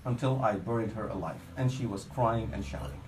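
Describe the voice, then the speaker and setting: Speaking in a lowish voice at a fairly quick clip, an Islamic preacher tells a story earnestly in an English sermon sprinkled with Arabic religious phrases. His voice drops for the saddest parts, and the rough recording is reverberant with slight background noise.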